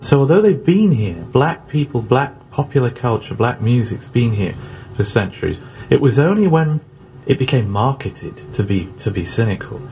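A man's voice: mid-range voice, sing-song, moderate pace, a little mellow, husky. A man, a university slang researcher, explaining thoughtfully in an interview in his office. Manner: thoughtful, academic.

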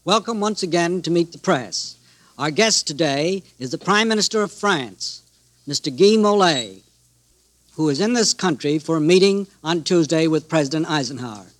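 A man moderating a broadcast interview, introducing guests and asking questions in a crisp, formal, precise way. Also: on the high side, no echo.

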